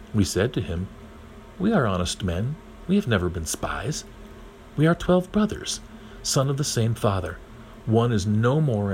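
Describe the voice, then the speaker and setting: Worried brothers owning up, earnest, lowish voice guy reading the parts. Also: a little mellow, a little hiss or hum, low-quality recording. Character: guilt-stricken band of grown brothers.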